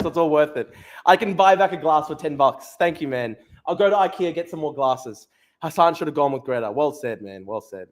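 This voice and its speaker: A man's voice: a little high, lively intonation, fairly quick. Man ranting and laughing on stream. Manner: swearing, self-mocking, laughing often. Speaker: streamer host. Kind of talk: livestream rant.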